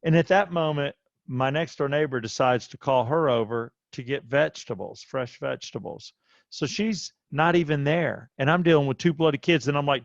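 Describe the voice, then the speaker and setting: Male co-host, 30s, lively storyteller, dull lo-fi dry sound. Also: normal speed, vocal fry, no echo. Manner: animated storyteller, voice jumps high when quoting himself. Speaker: podcast co-host. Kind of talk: casual chat.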